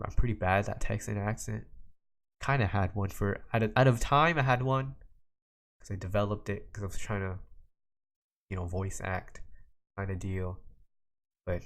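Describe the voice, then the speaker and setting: A man's voice: fairly low pitch, fairly even intonation, normal speed, gravelly, pauses often. A teenage young man hosting a solo podcast, rambling casually from topic to topic with lots of restarts and "like"s. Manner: rambling, jumps between topics, many restarts and "like"s. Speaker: podcast host.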